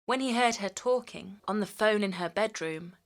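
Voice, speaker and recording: A woman's voice: mid-range voice, normal speed. A woman narrating a children's story in a playful way, stretching words out to mimic sounds.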